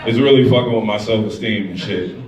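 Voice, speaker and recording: A man doing a stand-up comedy set, telling stories in a profane, animated way. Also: on the low side, a little fast. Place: comedy club stage. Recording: echoey club, distant mic, loud crowd. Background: crowd laughter.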